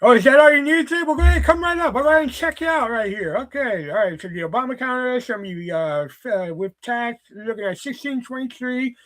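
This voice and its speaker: A man's voice: extremely high pitch, moderate pace, hardly any pauses, fairly bright tone, pitched above the performer's own voice. A man doing an overly polite male store clerk in an odd, hard-to-place accent. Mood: eager. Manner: sing-song, exaggerated customer-service politeness.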